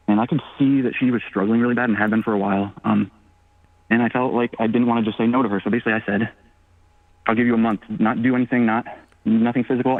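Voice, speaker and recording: A man in his early thirties calling an advice show, speaking in a hesitant, halting way with many ums. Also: medium pitch, dry recording. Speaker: caller. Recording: tinny phone line.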